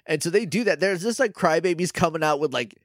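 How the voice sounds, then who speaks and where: Animated man recapping a show on a podcast. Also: fairly high pitch, fast, no echo, studio quality. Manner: animated retelling with playful voices for characters. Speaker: podcast co-host. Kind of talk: casual chat recapping a show.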